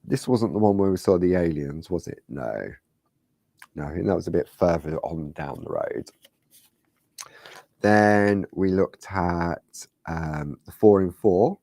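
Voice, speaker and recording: Chatty man with a very low voice. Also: a little slow, mellow, dry recording. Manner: chatty, rambling, asks viewers rhetorical questions. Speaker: craft show host. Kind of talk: casual step-by-step craft demonstration.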